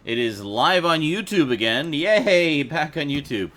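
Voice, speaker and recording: A man's voice: on the high side, lively intonation, a little slow, a bit bright. A man hosting a casual home livestream chat into a desk microphone, rambling, laughing often and swearing casually. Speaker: livestream host. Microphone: desk USB microphone.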